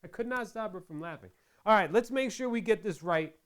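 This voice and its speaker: A middle-aged man talks his way through a hands-on crafting lesson in a loose, chatty manner. He drifts into jokes and asides while he works, and his voice sits a little higher than most men's. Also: animated, brisk, fairly bright tone. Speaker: crafting channel host. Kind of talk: casual tutorial chat while working.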